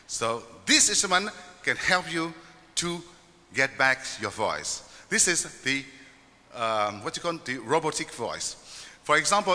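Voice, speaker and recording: A man's voice: on the high side, very animated, measured pace, pushed and bright, in a large hall. A man with a Vietnamese accent, a folk musician explaining his instruments to a live audience in simple, friendly English.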